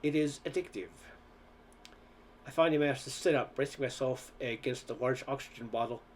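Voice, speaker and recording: A man's voice: mid-range voice, steady tone, quick pace, slight background noise. A man reading a novel aloud in earnest storytelling, now and then stumbling over words. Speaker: audiobook reader.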